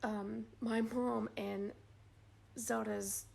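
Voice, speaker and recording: Young female vlogger, casual rambling storyteller, slightly high and gravelly, lots of "like"s. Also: unhurried. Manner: animated, rambling with many "like"s.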